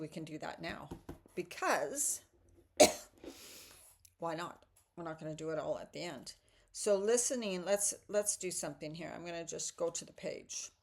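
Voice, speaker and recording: Chatty woman giving a tarot reading. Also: on the low side. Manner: warm, chatty, slows into soothing guided breathing. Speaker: spiritual vlogger doing tarot readings. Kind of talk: casual morning talk and guided meditation.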